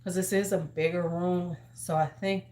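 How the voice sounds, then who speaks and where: A woman's voice: on the low side, fairly even intonation, normal speed, mellow. A woman in her fifties hosting a casual livestream from home, chatty and sassy, handing out advice like a big sister. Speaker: host. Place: large room at home. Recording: roomy echo.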